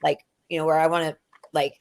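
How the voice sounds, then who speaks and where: A middle-aged woman talks in a loose, rambling way about spiritual matters. Her voice sits low for a woman. She keeps acting out what other people said. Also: fast talker. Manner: rambling, animated, acts out quoted people. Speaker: spiritual medium and co-host. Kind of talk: casual spiritual chat.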